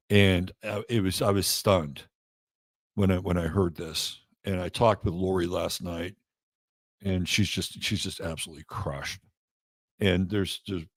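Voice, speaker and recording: A man hosting an astrology show, talking casually in a halting way with many fillers and restarts. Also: low-pitched, no room sound. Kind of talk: casual spoken monologue.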